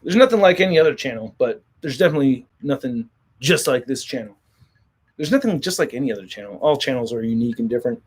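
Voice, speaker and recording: Talking fast in a mid-range, animated, slightly rough voice, a man hosts a casual toy collector livestream. He reads out viewer comments and jokes profanely, rambling and restarting often.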